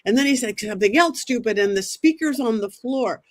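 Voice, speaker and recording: A woman, a psychic medium as a guest, telling a dramatic story in an animated way and acting out what people said. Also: fairly high pitch, fairly quick. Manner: excitable, quotes herself and others in dramatic asides.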